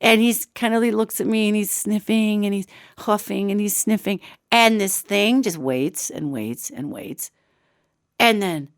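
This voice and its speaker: A woman host telling an animated story in a casual, expressive way, acting out quotes. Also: mid-range voice, no echo, studio quality. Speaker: radio show host.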